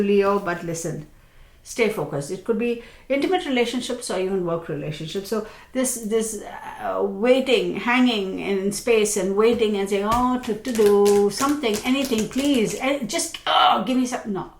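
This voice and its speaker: A woman's voice: medium pitch, echoey room. Tired, reassuring woman reading tarot. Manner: reassuring, chatty, many fillers. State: tired, congested from allergies. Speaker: tarot reader.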